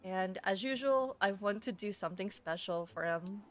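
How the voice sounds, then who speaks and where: A woman streamer chatting casually and reading a game letter aloud, haltingly, correcting herself and laughing often. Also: medium pitch.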